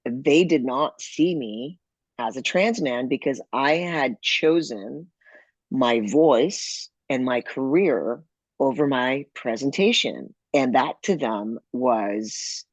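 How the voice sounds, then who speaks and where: A man speaking as a podcast guest, telling personal stories in a lively way and acting out the people he quotes. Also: medium pitch, slow pace, dry recording. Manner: animated, acts out quoted people. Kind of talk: conversational storytelling.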